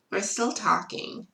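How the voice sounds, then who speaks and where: A woman's voice: medium pitch, creaky, bright, forceful tone. A young woman telling a casual storytime vlog, chatty and full of "like" fillers. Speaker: vlogger. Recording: roomy echo.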